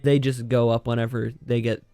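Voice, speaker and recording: A young man guesting on a podcast, chatting in a loose, relaxed way. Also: medium pitch, brisk, no room sound, faint music behind. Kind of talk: casual chat.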